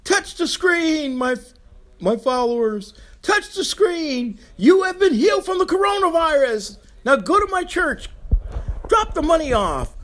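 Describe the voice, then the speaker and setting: A man doing a mocking impression of a greedy male TV preacher, pleading slowly in a strained, high, sing-song voice. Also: big pitch swings, fairly bright tone, full character voice. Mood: wheedling. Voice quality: high, strained falsetto-like timbre.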